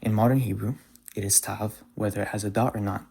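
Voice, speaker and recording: Male language teacher, slightly low and husky, patient and methodical. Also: steady tone, dark tone. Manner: patient, repeats example words slowly. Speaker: Hebrew pronunciation teacher. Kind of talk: explanatory lesson.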